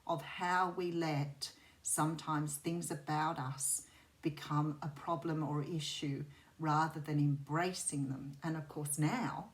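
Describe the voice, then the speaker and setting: A woman's voice: deep voice, fairly even intonation, slow pace. Soothing Australian woman reading tarot. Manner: rambling and intuitive, with many fillers and restarts. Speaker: tarot reader. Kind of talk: chatty tarot reading to camera.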